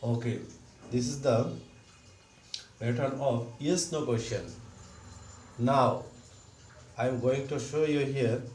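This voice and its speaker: A man's voice: mid-range voice, slow, long pauses, darkish tone. A man teaching a grammar lesson, explaining step by step and repeating each example sentence. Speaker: English teacher. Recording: roomy, distant mic with faint background noise.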